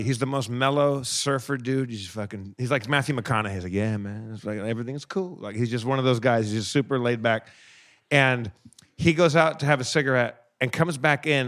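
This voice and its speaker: A man co-hosting a comedy podcast, telling a story in a lively, laughing way with lots of stammered restarts. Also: mid-range voice. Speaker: podcast co-host.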